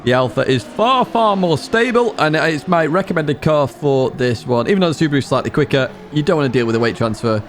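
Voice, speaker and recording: A man talks through a racing game lap by lap, upbeat and instructive with playful asides. His pitch rises and falls a lot, with a slightly raised tone. A faint hiss sits under the voice. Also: lively intonation, brisk, hardly any pauses. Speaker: gaming channel host. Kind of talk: race guide commentary over gameplay.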